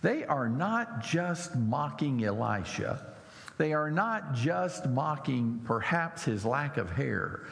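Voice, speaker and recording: A man preaching a sermon in an animated way, his voice climbing high when he mocks. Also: slow pace, vocal fry. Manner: animated, mocking voices rising high and loud. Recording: echoey hall with faint noise.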